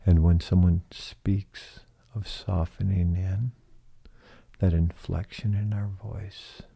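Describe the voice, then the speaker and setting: A man hosting a reflective solo podcast, speaking slowly and softly and asking many rhetorical questions. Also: low voice, steady tone, creaky, husky. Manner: slow, soft-spoken, asks many rhetorical questions. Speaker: podcast host.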